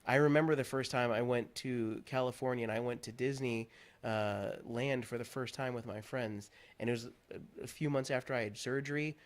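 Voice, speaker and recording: A Pennsylvania man appearing on a talk show tells his own story in an earnest, candid way, growing animated as he recounts it. His voice is mid-range and his pace normal in this conversational interview.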